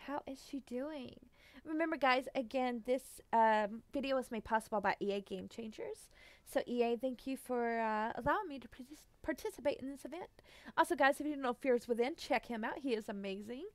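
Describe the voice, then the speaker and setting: Bubbly woman game streamer, fairly high voice, dry close sound, giggly, greets chat by name. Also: lively intonation, a little fast, no echo. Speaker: Twitch streamer. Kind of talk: casual live-stream chat.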